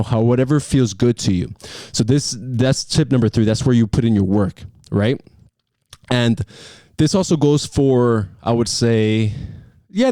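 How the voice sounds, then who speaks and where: A man's voice: medium pitch, no echo, studio quality. A young man talking casually to camera, giving acting advice with energy and emphatic repetition. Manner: energetic, emphatic, repeats key phrases. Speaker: acting coach vlogger.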